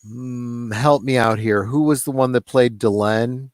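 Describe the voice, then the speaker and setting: A man co-hosting a casual fan stream, telling a story with lively, acted-out quotes. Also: mid-range voice, unhurried, dry recording. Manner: animated storyteller who acts out the people he quotes. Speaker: co-host of a fan stream show.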